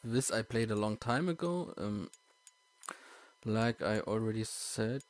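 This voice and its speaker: A German-accented man speaks slowly and haltingly in English, filling his pauses with ums. He comments casually on a video game, plainly unsure of his English. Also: on the low side, animated. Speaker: let's player.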